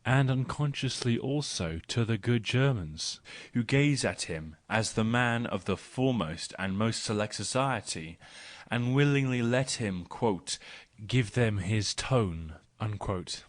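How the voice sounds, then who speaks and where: A man giving a measured audiobook reading of a philosophy text, speaking the punctuation aloud as quote and paren. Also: medium pitch, expressive. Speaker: audiobook reader.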